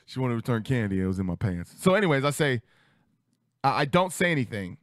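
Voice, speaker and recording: A man in his thirties spins a story on a talk show, his voice leaping high and dropping low as he acts out each voice. The sound is dry and close, with no room around it. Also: quick pace, no room sound. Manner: animated, acts out quotes with big pitch jumps. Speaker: podcast host. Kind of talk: casual storytelling. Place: studio.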